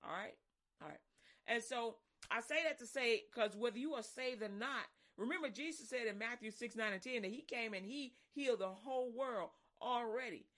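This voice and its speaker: A woman preaching in a loose, conversational style, animated and acting out little scenes as she talks. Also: on the high side, normal speed. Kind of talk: casual sermon.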